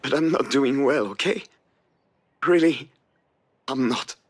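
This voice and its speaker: An actor playing a weary, troubled man reaching out to his family, speaking in a subdued, husky voice for a game. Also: medium pitch, takes it slowly. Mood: pleading. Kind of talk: game voice acting.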